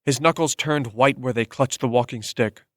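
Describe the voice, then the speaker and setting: A male narrator reads an audiobook in a steady, measured way. His voice sits in a middle pitch. The recording is dry and close, with no room sound. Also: dry recording. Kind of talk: scripted narration.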